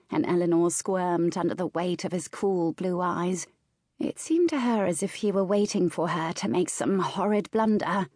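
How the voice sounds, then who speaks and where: A woman reading a historical romance audiobook in a measured, expressive way. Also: fairly low pitch, no echo, clean studio sound. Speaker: audiobook narrator. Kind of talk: scripted narration.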